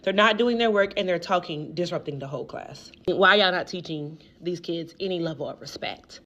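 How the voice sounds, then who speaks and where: A woman's voice: lowish voice, highs cut off. A woman teacher speaking to camera in an indignant, scolding way about her students. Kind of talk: venting to camera.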